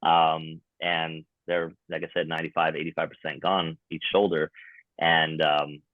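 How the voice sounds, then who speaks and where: A man with a very low voice explains things in a relaxed, casual podcast chat, dropping in plenty of fillers. His voice sounds narrow and thin, like it is coming over a phone line, with a dry, close sound. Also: a little slow, no room sound. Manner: explanatory, laid-back, frequent fillers. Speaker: tattoo removal specialist, podcast guest.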